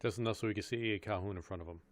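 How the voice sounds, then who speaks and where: Man, low voice, tabletop player, rambling, filler-heavy. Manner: rambling, many fillers, rushed bursts. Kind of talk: casual tabletop play.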